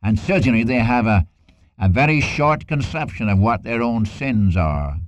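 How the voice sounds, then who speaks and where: A man's voice: mid-range voice, animated, moderate pace, dry recording. A man preaching a sermon in an earnest way, quoting scripture with dramatic emphasis and repeating lines for weight. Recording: dull lo-fi dry recording.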